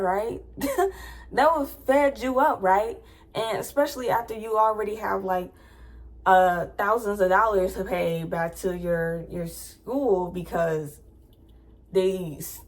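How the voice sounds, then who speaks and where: A young adult woman vlogger telling a personal story in a casual, chatty way, full of "like" fillers. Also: mid-range voice.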